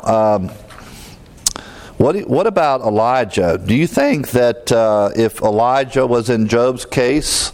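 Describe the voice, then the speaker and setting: A man's voice: lowish voice, a little mellow. A middle-aged man teaching verse by verse through a Bible book, conversational, with fillers and chuckles.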